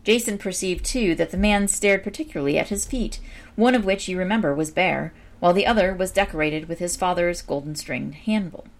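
A woman reading a storybook aloud with a low, gravelly voice. Her reading is measured and expressive. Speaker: narrator.

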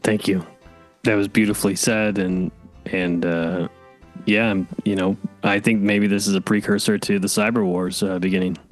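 Low, flat-voiced male panelist. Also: moderate pace, faint music behind. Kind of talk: comedic news-panel banter.

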